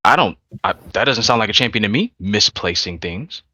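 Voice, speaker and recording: A man's voice: on the low side, lively intonation, fairly quick, sharp tone. A man playing a cocky wrestler in voice chat role-play, talking smugly and teasing. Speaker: virtual wrestler in a press conference.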